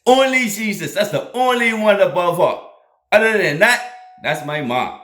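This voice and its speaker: A man's voice: sits high, expressive, moderate pace, sharp tone. A man, telling a personal story to his online audience, often laughing and repeating lines for emphasis. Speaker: host of a faith channel. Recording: echoey room.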